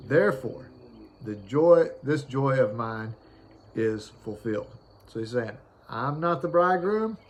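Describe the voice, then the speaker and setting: A man's voice: medium pitch, lively intonation, measured pace. A man giving a casual, conversational sermon. He reads scripture aloud in a mid-range voice and stumbles through fillers and restarts as he explains it. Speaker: preacher. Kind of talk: informal sermon.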